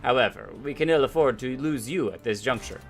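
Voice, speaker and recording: A man's voice: mid-range voice, fairly quick, soft background music, natural voice. A man reading out an earnest woman garrison commander from a game, declaiming in a mock-formal tone. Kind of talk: reading game dialogue aloud.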